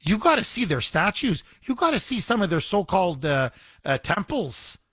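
Male call-in show host, animated ranter, tenor-ish, dry studio. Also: high voice, normal speed, breathy edge, no echo. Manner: indignant, animated, repeats himself. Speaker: radio talk show host. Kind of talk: call-in radio talk.

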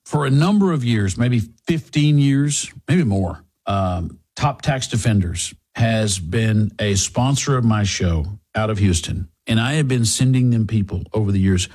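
A man's voice: fairly low pitch, expressive, a little slow, hardly any pauses, a little mellow, breathy edge. A man hosting a talk radio show, delivering an emphatic, sarcastic monologue and a live sponsor read. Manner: emphatic, sarcastic, rising to indignant peaks.

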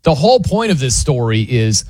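Animated man talking sports on radio. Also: medium pitch, moderate pace, no echo, studio quality. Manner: animated, jokey storytelling with acted-out quotes. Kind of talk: casual sports talk monologue.

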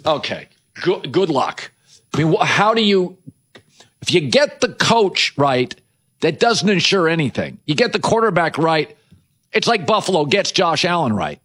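A man hosting a sports talk show, delivering an opinionated monologue with rhetorical questions and quick asides. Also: a little high, fairly bright tone. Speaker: sports radio host.

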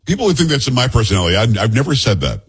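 A man's voice: mid-range voice, wildly swooping pitch, rapid-fire, husky. A middle-aged man hosting a radio talk show, chatty and joking with his co-host. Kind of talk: casual radio banter.

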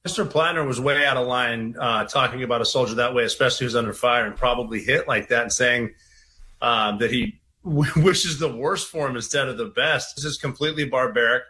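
A man speaking as a veteran guest in an interview clip, earnest and halting. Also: mid-range voice, pushed and bright.

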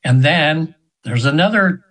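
A man's voice: a little high, expressive, unhurried, a bit bright, rough recording. A man in his seventies telling stories in an earnest, rambling way, with many fillers and restarts, as an interview guest. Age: 70s. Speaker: guest hypnotherapist. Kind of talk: casual storytelling in an interview.

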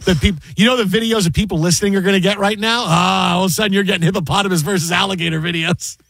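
A man co-hosting a casual talk show, telling an animated story, repeating phrases and laughing often. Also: high voice, very fast, vocal fry, dry recording. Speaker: podcast co-host. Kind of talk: casual chat.

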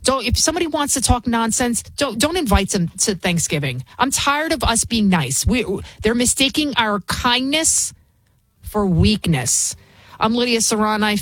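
A woman's voice: a little high, fairly bright tone, no room sound. A woman sits in as talk radio host and rants in a combative, mocking tone. Her voice is close and dry, with no room sound around it. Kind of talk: opinionated talk radio monologue.

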